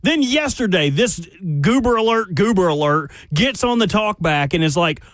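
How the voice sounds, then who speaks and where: Animated high-voiced man ranting on air. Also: moderate pace, no echo, studio quality. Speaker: radio co-host. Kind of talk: casual sports radio chat.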